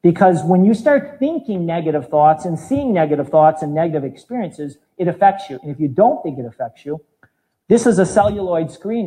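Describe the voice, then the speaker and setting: A man in his fifties gives a live talk as a fitness trainer, animated and demonstrating moves as he goes. His voice sits high for a man, with a mellow, soft-edged tone. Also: rough recording. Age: 50s.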